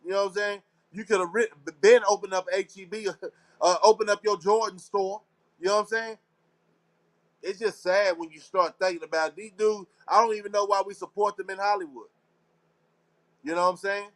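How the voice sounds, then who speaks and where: A man's voice: high voice, fairly even intonation, normal speed. A man from Texas, hosting a casual live talk show and rambling to his listeners in a slangy, preachy, conspiratorial way. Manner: slangy, repeats phrases. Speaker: show host.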